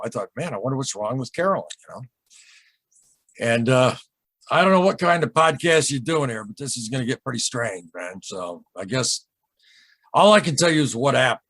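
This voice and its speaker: A man recounting his own UFO encounter as an interview guest, in a halting, rambling way full of asides and restarts. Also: medium pitch, fairly bright tone, slightly rough, no room sound. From Michigan, USA. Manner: rambling, halting, with many repeated starts and asides. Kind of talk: emotional storytelling in a casual interview.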